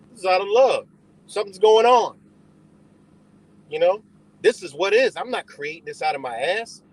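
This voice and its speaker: Husky, animated man ranting on a livestream. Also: a little high, low-quality recording. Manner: rambling, profane, confrontational; answers chat directly. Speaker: livestream host. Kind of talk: ranting live stream talk.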